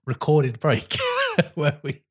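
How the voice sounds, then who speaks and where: A man's voice: fairly high pitch, huge pitch swings, takes it slowly, slightly rough. A young British man co-hosting a podcast in casual chat, laughing a lot, swearing freely and acting out film scenes. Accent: British English. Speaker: podcast co-host.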